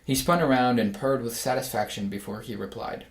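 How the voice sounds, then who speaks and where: A man reading a children's storybook aloud, giving the animals lively voices. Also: mid-range voice, fairly quick, few pauses, reverberant.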